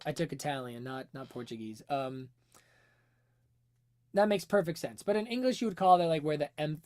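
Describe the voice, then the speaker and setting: A woman with a lowish voice hosts a music-analysis livestream and breaks songs down in a loose, conversational way. She thinks out loud, stops to answer viewers' questions, and leans on fillers as she goes. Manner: chatty, explaining, answering chat questions, many fillers. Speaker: music teacher and livestream host.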